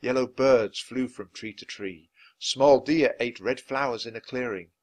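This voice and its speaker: A man's voice: mid-range voice, a little slow. A man reading a children's chapter book aloud at a natural speed for English learners. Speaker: storybook reader.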